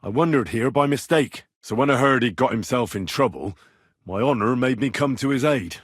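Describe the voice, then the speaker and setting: An actor playing a wry, plainspoken young medieval commoner hero in a game, sardonic and quick to swear. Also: male voice, mid-range voice, breathy edge, no room sound, clean studio sound, close to an everyday voice. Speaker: game protagonist. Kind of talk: game voice lines.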